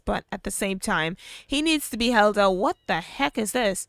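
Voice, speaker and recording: A young woman narrates a game story in a chatty, animated manner. Her voice sits a bit high and bright, and the recording is dry and close. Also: moderate pace, clear, resonant tone, dry recording. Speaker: gameplay storyteller. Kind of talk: casual narrated gameplay storytelling.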